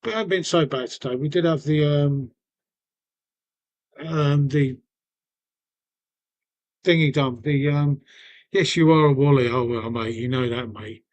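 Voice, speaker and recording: A man's voice: a little high, unhurried, long pauses, lo-fi sound. A man chatting casually on his live stream, rambling and calling viewers mate.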